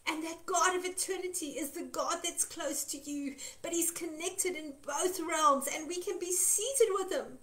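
A woman's voice: very high-pitched, unhurried, hardly any pauses, a bit bright. A woman minister giving an earnest devotional teaching, stressing her points by repeating phrases. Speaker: Christian minister.

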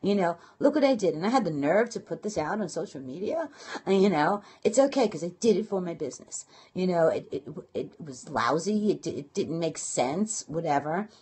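A woman with a Brooklyn accent talking casually to viewers on a live stream, quick and chatty with lots of fillers and restarts. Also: lowish voice, animated, darkish tone, slightly rough. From Brooklyn, New York. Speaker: blogging and marketing coach. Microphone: phone or webcam live stream.

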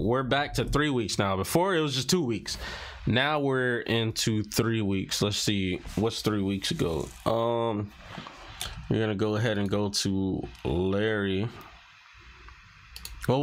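A man's voice: lowish voice, expressive, measured pace, a little hiss or hum. A man casually reading social media posts and captions aloud, muttering and reacting as he scrolls. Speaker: commentary vlogger.

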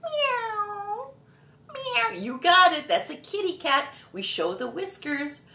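A woman's voice: high voice, very animated, normal speed. A woman hosting a children's music show, singing songs and teaching about animals, encouraging the kids as her friends. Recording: echoey room with loud guitar.

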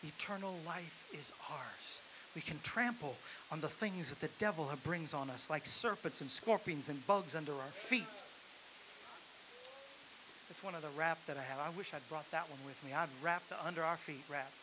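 High-pitched male preacher, fiery sermon, hissy live church recording. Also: normal speed. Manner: exhorting the congregation, building to shouts. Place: church sanctuary.

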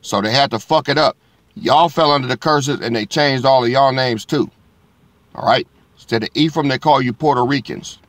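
A man's voice: mid-range voice, a bit bright, no room sound. Blunt preacher man, dry close sound. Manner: reads scripture slowly and rising, then talks fast and blunt with slang and swearing. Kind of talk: street-style scripture teaching.

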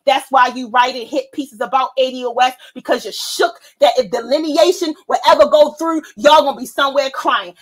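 A woman's voice: sits high, a little fast, few pauses. A woman hosting a vlog, delivering a heated, profane, confrontational rant. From United States. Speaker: vlog host. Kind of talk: ranting commentary monologue.

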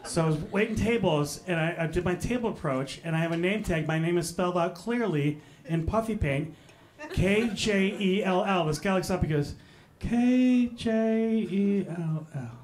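High-voiced young man ranting on stage. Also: normal speed. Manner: exasperated ranting, mocking, punchy. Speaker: stand-up comedian. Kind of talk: stand-up comedy set. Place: comedy club stage. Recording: comedy club with audience laughter.

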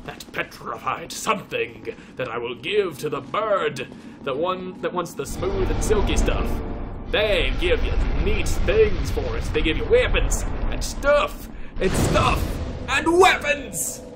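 Guy doing a put-on fancy english accent over his gameplay, slow and a bit high, music going behind. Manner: playful, mock-posh, swears, talks to enemies. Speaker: gameplay commentator. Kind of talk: let's play commentary.

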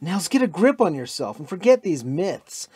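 A man voicing a young American bomber pilot in an audiobook, raising his voice with urgent, excited calls. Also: sits high, normal speed, husky, pitched above the performer's own voice, full character voice. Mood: pleading. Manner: raised, urgent shouting. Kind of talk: audiobook character voice.

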